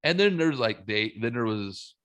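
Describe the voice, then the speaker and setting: A man's voice: mid-range voice, animated, normal speed, a bit bright, clear, resonant tone. A man hosting a podcast in casual chat, self-deprecating and swearing freely as he vents. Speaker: podcast host.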